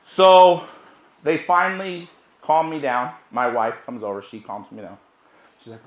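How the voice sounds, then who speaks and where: A man, a sales trainer, telling a brash, profane story at a seminar, swinging from hushed asides to loud bursts. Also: fairly high pitch, fairly even intonation, a little slow, roomy sound.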